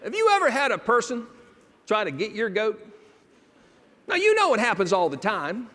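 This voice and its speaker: A man's voice: very high voice, normal speed, pauses often. A man giving a comedic storytelling keynote to an audience, acting out the voices of people in his stories. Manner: animated, acts out quoted voices. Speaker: keynote speaker. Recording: long hall reverb.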